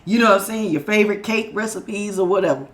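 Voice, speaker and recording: Speaking fast at a medium pitch, a tarot reader from the Southern United States gives a casual spiritual reading despite being sick with a sore throat. She's chatty and folksy, addressing listeners as y'all and baby.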